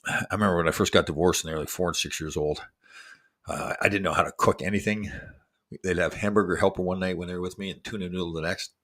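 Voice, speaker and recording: A man's voice: low voice, steady tone, fast, a bit bright. A man in his sixties hosting a casual livestream chat, rambling and making self-deprecating jokes. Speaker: show host.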